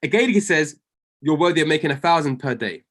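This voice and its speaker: A man's voice: on the high side, animated, a little fast, a bit bright. A man coaching a group of traders on a video call. He speaks with fervent conviction, repeats key lines for emphasis, and calls people by name. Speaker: trading coach.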